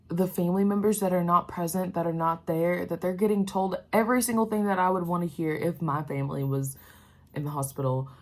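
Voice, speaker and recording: A woman's voice: fairly low pitch, darkish tone. A young woman talks candidly to her vlog viewers about her healthcare job, with lots of "um" and "like". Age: young adult. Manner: candid, emotional, many fillers like "um" and "like". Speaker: healthcare worker vlogger. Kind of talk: casual vlog talk to camera.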